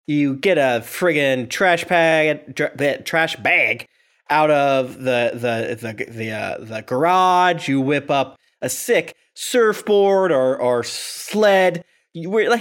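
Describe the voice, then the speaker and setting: A man's voice: a little high, normal speed. A man co-hosting a casual podcast, riffing playfully with giggles and swearing. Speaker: podcast co-host.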